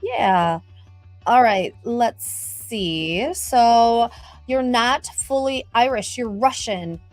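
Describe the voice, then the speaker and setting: A woman's voice: fairly high pitch, expressive, very slow, dry recording, faint music behind. A middle-aged woman hosting a casual live stream, chatting upbeat and greeting viewers by name as she reads the chat. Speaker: livestream host reading viewer chat.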